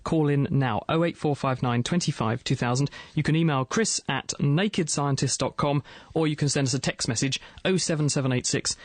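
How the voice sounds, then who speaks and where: A man with an English accent hosting a live radio science show, chatting briskly and reading out listener emails. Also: on the high side, no echo.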